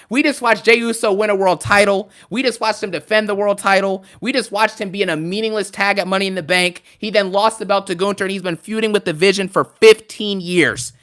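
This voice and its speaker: Bright-voiced man ranting on a live stream. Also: high voice, fairly quick, hardly any pauses. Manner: animated, sarcastic, emphatic.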